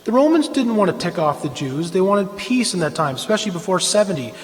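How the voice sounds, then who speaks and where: A man's voice: big pitch swings, fast, in a large hall. A man giving an impassioned, lecture-style talk at a church event, emphatic and pressing his points. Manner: emphatic, rises in pitch and volume when pressing a point. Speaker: speaker at a church Easter event. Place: church hall.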